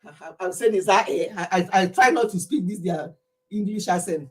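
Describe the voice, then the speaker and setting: A middle-aged Nigerian woman, a livestream host, chats casually with her viewers in a medium-pitched voice at a fairly quick pace. She laughs often as she tells stories.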